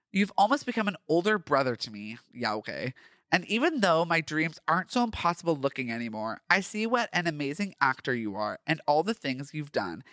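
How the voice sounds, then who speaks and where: A man's voice: a little high, pushed and bright, no room sound, clean studio sound. A man hosting a podcast who reads his own fan fiction aloud, breaking off for campy, gushing, self-mocking asides. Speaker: podcast host.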